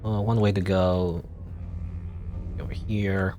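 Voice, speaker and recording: A man's voice: deep voice, fairly even intonation, slow pace, dark tone, slight background noise. A man doing casual let's play commentary, rambling and hesitant, full of filler words, and reading the game's text aloud. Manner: reads game text aloud.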